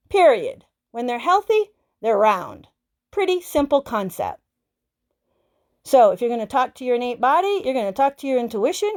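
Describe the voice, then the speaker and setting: A woman in her fifties giving an earnest live-stream talk on self-healing, speaking straight to her viewers. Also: a little high. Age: 50s. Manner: earnest, repeats herself, speaks straight to the audience. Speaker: self-healing teacher and host.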